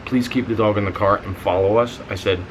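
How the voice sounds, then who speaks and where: A young man casually telling a story on his vlog, animated, swearing freely and going higher when he gets excited. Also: brisk, background noise. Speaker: vlogger.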